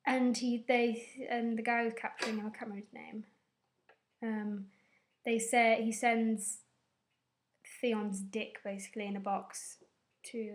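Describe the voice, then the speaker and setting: Chatty young woman, higher voice. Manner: rambling, chatty, casual swearing. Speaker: vlogger. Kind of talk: casual episode recap.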